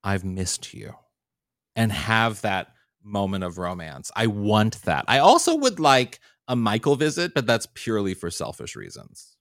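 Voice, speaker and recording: A man's voice: fairly low pitch, sing-song, moderate pace, fairly bright tone, no echo, studio quality. A man co-hosting a podcast in casual chat, enthusiastic and playful, sometimes gushing. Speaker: podcast co-host.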